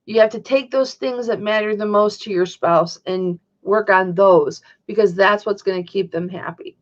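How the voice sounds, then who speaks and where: A woman hosts a casual livestream, chatting and rambling to her live audience and answering viewers' messages in chat. Her medium-pitched voice moves at a moderate pace, and the recording has its highs cut off.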